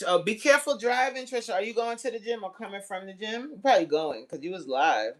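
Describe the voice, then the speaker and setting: A woman in her forties hosting a casual livestream and chatting with viewers. She is slangy and laughs often, with sudden jumps into high exclamations. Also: expressive, brisk, hardly any pauses. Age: 40s. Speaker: livestream host. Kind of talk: casual live chat reading viewer comments.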